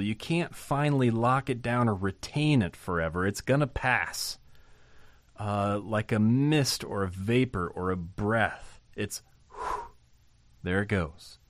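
A man's voice: lowish voice, slow, no room sound. A man giving an informal Bible lesson, thinking aloud with fillers and restarts and rising to emphasize key points. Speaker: Bible teacher.

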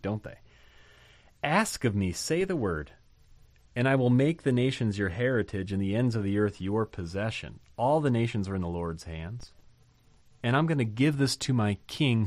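A man's voice: fairly low pitch, a little mellow, no room sound. A man preaching a sermon, emphatic and full of rhetorical questions, with sudden rising bursts. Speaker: pastor.

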